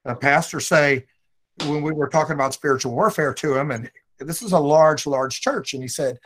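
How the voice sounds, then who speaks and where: A man's voice: on the high side, normal speed, a bit bright, slight background noise. A man who is a guest minister, earnestly telling stories in a conversational ministry talk.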